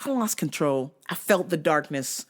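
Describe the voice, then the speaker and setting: On her own show, a low-voiced woman speaking at normal speed tells a rant story casually. Her delivery is animated and full of swearing and sound effects.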